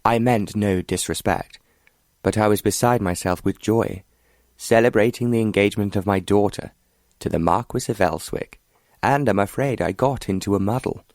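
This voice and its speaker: A man's voice: lowish voice, moderate pace, a little mellow, no echo, clean studio sound, close to an everyday voice. A man doing an effusive older earl. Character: flustered, protective older English earl.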